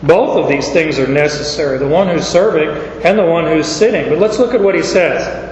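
A man's voice: fairly high pitch, animated, brisk, a little mellow, a little hiss or hum. A man preaching a sermon, explaining scripture in a folksy way with stories from his own life. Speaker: pastor. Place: large church hall. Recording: echoey dull church hall recording.

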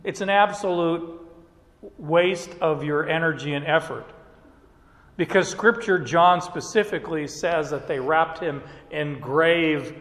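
A man delivers Bible teaching in an unhurried, measured way, his voice sitting a little high for a man. He keeps the tone conversational and drops in little chuckles between points. The sound carries a long, roomy reverb, as if recorded in a large hall. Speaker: preacher.

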